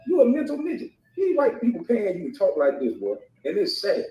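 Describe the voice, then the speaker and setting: A man's voice: high voice, huge pitch swings, fairly quick, few pauses, warm tone. A man in a heated call-out rant, mocking and profane, taunting the person he is addressing. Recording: echoey, far from mic.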